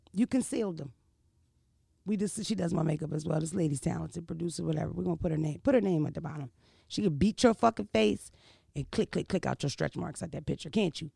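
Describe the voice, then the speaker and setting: A man telling a crude, animated comedic story, full of rhetorical asides to his listeners. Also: on the high side, a little fast, creaky, husky, dry recording, clean studio sound.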